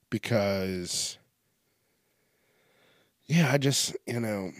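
A man's voice: on the low side, no room sound, studio quality. A man hosting a casual comedic news podcast, rambling and profane, poking fun at himself. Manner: rambling, profane, self-mocking. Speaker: podcast host.

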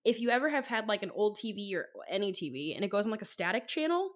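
A fast talker with a very animated, medium-pitched voice, this young woman co-hosts a podcast and tells a personal story. She rambles casually, stuffs in likes and ums, and swears freely.

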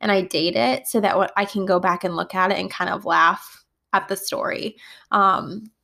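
A kindergarten teacher on a casual storytelling podcast, this woman has a gravelly, mid-range voice at a normal speed. She's animated and laughs often as she shares funny classroom stories.

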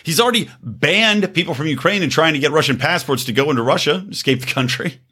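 A man's voice: a little high, lively intonation, fast, sharp tone, slightly rough. A male podcast host with a scratchy throat, ranting in angry, profane, sarcastic political commentary.

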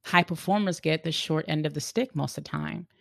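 Earnest podcast host with a gravelly edge. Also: mid-range voice, fairly quick, a bit bright, no room sound, studio quality. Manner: earnest and searching, often restarting phrases. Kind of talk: reflective podcast monologue on leadership.

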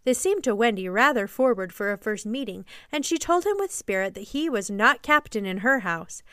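A woman narrating a classic children's story as a podcast storyteller, gently and evenly paced. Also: a little high, expressive, normal speed, smooth, no room sound, clean studio sound.

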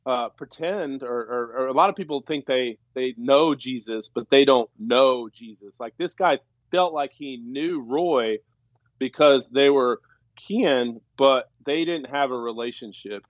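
On a podcast, a man who once played pro ball rambles through a casual story, leaning on fillers and starting over often. His voice is mid-range, and the audio sounds dull with no echo.

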